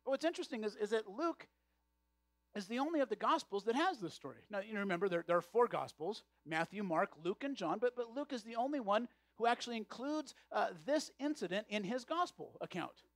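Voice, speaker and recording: A man's voice: high voice, animated, brisk, no echo. A male pastor preaching a sermon, often repeating words as he restarts his phrases.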